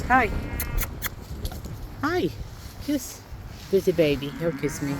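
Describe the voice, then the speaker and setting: Out in a muddy farm pasture, an American woman farmer films a casual vlog, sweetly cooing and talking to her cows. She speaks slowly in a lowish voice, with huge pitch swings, long pauses and background noise.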